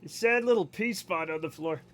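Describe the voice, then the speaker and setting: A man's voice: sits high, moderate pace. A young American man streaming a game, chatting casually and answering his chat with jokes.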